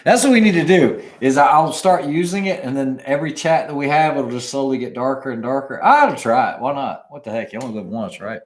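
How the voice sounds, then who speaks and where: A man co-hosting a casual podcast chat, animated and reading viewer questions aloud. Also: mid-range voice, a little fast, few pauses. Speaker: podcast co-host. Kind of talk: casual chat about shooting.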